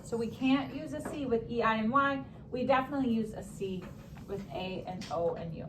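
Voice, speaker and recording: A young woman teaching a classroom spelling lesson, upbeat, stretching words and throwing in quick asides. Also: fairly high pitch, background noise.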